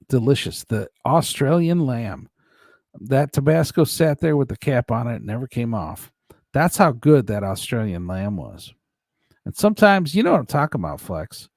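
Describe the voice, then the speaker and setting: A man's voice: mid-range voice, darkish tone, no room sound, clean studio sound. A man hosting a casual live stream, rambling and chuckling as he talks to his chat by name.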